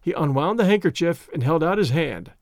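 Expressive male audiobook narrator. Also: on the high side, no room sound, clean studio sound. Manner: measured, expressive storytelling. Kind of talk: audiobook reading of a classic story.

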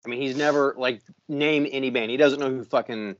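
A man's voice: medium pitch, steady tone, a little fast, slight background noise. A middle-aged man co-hosting a podcast, telling a long story in casual chat with constant swearing and heated rants. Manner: profane, ranting storyteller. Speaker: podcast co-host. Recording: dull, dry lo-fi sound.

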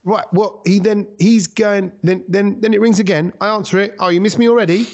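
A man hosting a casual podcast, telling a story with lively acted-out quotes. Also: sits high, brisk, lo-fi sound. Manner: animated storyteller who acts out quotes. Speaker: podcast host.

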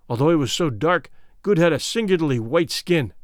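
A man reading a classic adventure novel aloud as a podcast narrator, acting out the characters' lines with lively shifts in voice. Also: a little fast, no room sound, studio quality. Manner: animated reading, voicing characters with shifts in pitch and volume. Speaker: audiobook narrator.

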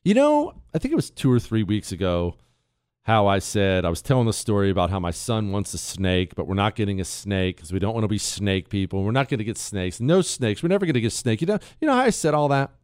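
A man hosting a talk radio show, telling stories in a casual, animated way and laughing at his own jokes. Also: on the low side, fast, clean tone, dry recording, studio quality. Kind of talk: casual storytelling monologue. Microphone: studio mic.

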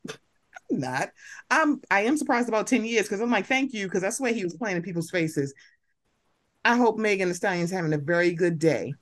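A woman hosting a chatty podcast, talking in a blunt, slangy and animated way. Her voice sits in an ordinary middle range. She often acts out her own reactions in quotes. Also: mid-range voice, a little fast. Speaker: podcast host. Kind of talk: casual chat.

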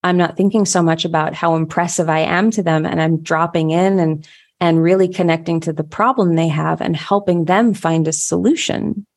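A woman's voice: fairly low pitch, fairly even intonation, normal speed, darkish tone. A woman, the show's host, telling a personal story in a casual conversation, heartfelt and full of restarts.

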